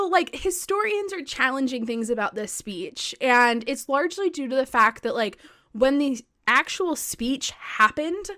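A woman co-hosting a podcast, telling history in a casual, excitable way, full of "like" and the odd swear. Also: fairly high pitch. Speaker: podcast co-host.

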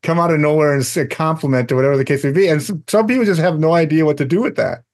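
A man co-hosting a faith podcast, talking in a relaxed, emphatic way and laughing often. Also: fairly high pitch, very fast. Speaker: podcast co-host. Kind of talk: casual faith discussion.

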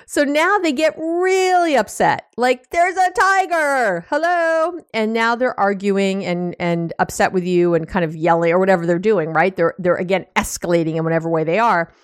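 A woman coach talks her listeners through a topic in a lively, chatty way, slipping into short acted-out bits of dialogue. Her voice sits at a middle pitch. The sound is dry and close, with no room around it. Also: normal speed, hardly any pauses, no room sound. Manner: animated, acts out little quoted exchanges, frequent "you know"; warm and teasing with listeners. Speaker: relationship coach and podcast host. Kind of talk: casual explanatory talk.

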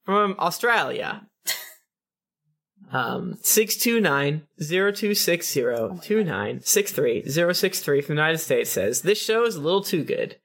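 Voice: mid-range voice, big pitch swings, a little slow, vocal fry, fairly bright tone. A brash game master and host of a tabletop game podcast who jokes and swears freely while reading listener reviews. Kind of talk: tabletop game narration and casual podcast chat.

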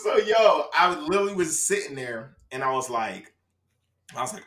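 A man from Florida telling a funny story to friends in a casual chat, dropping low then shouting. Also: brisk. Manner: animated, laughing, swings from low mumble to loud shouting.

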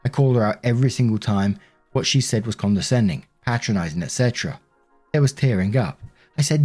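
Husky man narrating a story. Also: fairly low pitch, a little fast, soft background music. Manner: steady first-person reading. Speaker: narrator of online stories. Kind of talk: reading a story aloud.

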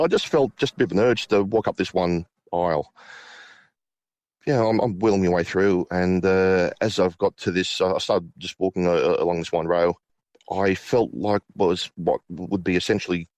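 A middle-aged man recounting a personal ghost story, halting with many restarts and fillers. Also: deep voice, darkish tone, no echo. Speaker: guest.

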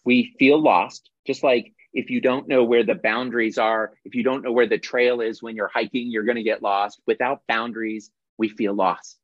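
This workshop leader speaks at normal speed in a mid-range, fairly even voice, with hardly any pauses. Running a session over a video call, he teaches conversationally and keeps correcting himself, and the audio is dull and dry.

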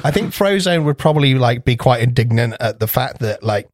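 A man's voice: mid-range voice, expressive, brisk, dry recording, studio quality. A man, co-hosting a podcast in casual chat, rambling, laughing often and swearing freely. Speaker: podcast co-host.

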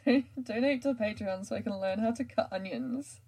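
A woman's voice: on the high side, normal speed, warm tone, husky. A woman, hosting a podcast in casual chat, rambling with many fillers and frequent laughs. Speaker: podcast host and writer.

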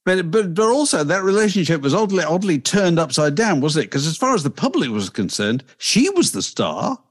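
A male interviewer whose voice rises and falls a great deal, a bit high for a man. He frames leading questions and closes them with tag questions. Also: very animated, fairly quick. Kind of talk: conversational interview.

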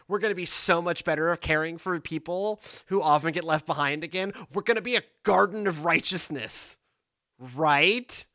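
A man's voice: fairly high pitch, moderate pace, no echo, clean studio sound. A man, a pastor, talking casually about scripture in a podcast, rambling and checking in with "right?". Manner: rambling, animated, lots of "right?".

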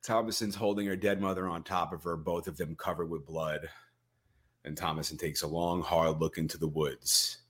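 A man's voice: low-pitched, moderate pace. A man co-hosting a podcast, retelling a film scene by scene and acting out the quoted lines with energy. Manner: animated storyteller, acts out quoted lines. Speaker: podcast co-host.

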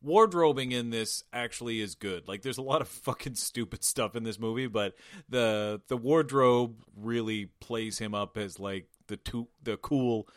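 Dude roasting a cheesy movie, lots of swearing, mid voice, dry close mic. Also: male voice, mid-range voice, normal speed, dry recording. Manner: profane, laughing asides, mocking the film. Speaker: podcast co-host. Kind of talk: casual movie recap chat.

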